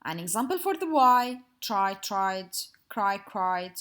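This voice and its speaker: A woman teacher giving a slow, patient grammar lesson to young pupils in a sing-song explaining manner. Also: mid-range voice, very animated, fairly bright tone.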